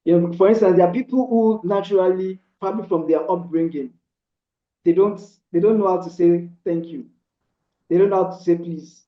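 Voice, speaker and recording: A man with a slightly high voice talks through relationship advice in an earnest, casual way. He keeps reaching for "you know" and restarting his sentences. The recording sounds roomy and a little dull.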